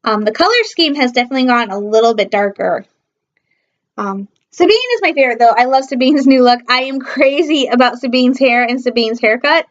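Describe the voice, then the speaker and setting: A woman's voice: a little high, a little fast. A young woman from Michigan gushing in a casual, rambling fan review, full of fillers and sudden squeals of delight. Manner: excitable, gushing, many fillers, bursts into squeals. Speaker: fan vlogger. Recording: dull lo-fi audio.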